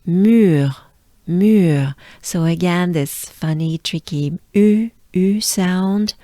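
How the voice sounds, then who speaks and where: A woman from France with a French accent, coaching pronunciation by slowly repeating and exaggerating each sound. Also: on the low side, dark tone, dry recording, clean studio sound. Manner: drills words slowly with exaggerated repetition. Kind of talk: slow pronunciation lesson.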